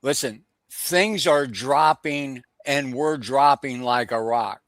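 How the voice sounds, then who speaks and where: A man's voice: medium pitch, slow, a bit bright, no room sound. A man giving emphatic stream commentary, repeating his points for force.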